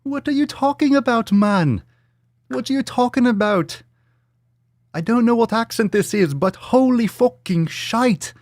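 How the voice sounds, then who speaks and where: A man putting on a high, exaggerated mangled accent to mock someone, cursing as he goes. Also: measured pace, a little mellow, no room sound, studio quality. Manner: high-pitched, exaggerated, profane mockery.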